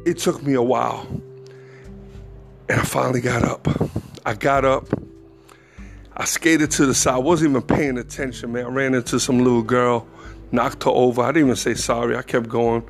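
A man's voice: mid-range voice, fairly even intonation, moderate pace, gravelly, pauses often, faint music behind. A man hosting a podcast and telling a personal story in a casual, slangy, self-mocking way, often breaking into laughter. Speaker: podcast host.

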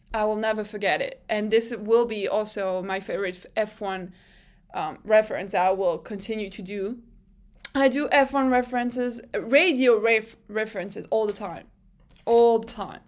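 Giggly young French woman chatting. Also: on the high side. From France. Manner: giggly and animated, swears casually, lots of fillers. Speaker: vlog host. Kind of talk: casual chatty recap.

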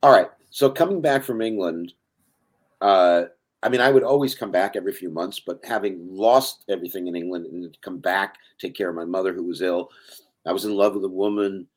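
A man's voice: deep voice, brisk. An older man telling rambling stories as a podcast guest, interrupting himself as he goes. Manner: rambling, self-interrupting storyteller. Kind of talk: casual storytelling.

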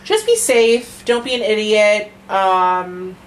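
A woman's voice: medium pitch, slow pace, poor audio. A woman co-hosting a casual true-crime podcast, talking in a rambling, profane way with lots of fillers. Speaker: podcast co-host.

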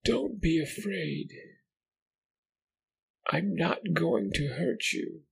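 A man's voice: high voice, lively intonation, very slow, vocal fry, husky, pitched above the performer's own voice, full character voice. A man voicing a gaunt crooked creature that whispers in a strained, parrot-like way, falsely tender. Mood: coaxing whisper. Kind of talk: horror story narration.

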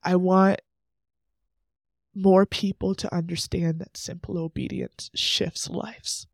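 Earnest young man with a gravelly edge. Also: a little high, a little mellow, no echo, studio quality. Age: 20s. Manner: earnest, emotional, chatty with many "like" asides. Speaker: podcast host. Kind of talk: faith podcast monologue.

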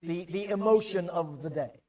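A male pastor delivering a sermon in an emphatic, animated way. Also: sits high, moderate pace, poor audio.

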